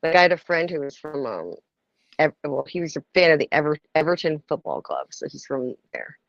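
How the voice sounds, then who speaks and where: A man hosting a casual livestream chat, talkative and quick to laugh, on a dull lo-fi mic. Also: a little high, lively intonation, gravelly, a bit bright, no room sound. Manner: chatty, laughs often.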